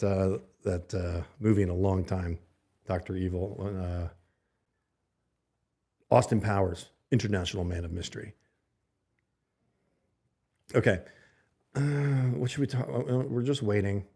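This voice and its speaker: Talking close to a desk mic at his home streaming setup, a livestream host chats loosely with viewers and reads out their comments. His voice is lowish with a dark tone.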